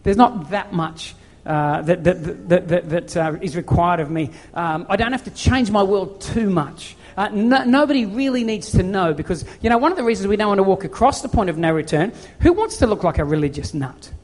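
A man preaching a sermon, telling a personal story in an animated, self-deprecating way. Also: high voice, normal speed, few pauses. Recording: long reverb of a large hall.

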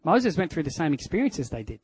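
A man with an Australian accent sharing a candid personal testimony in a sermon, telling it in an earnest, halting way. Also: fairly high pitch, big pitch swings, darkish tone, husky, dry recording, low-quality recording.

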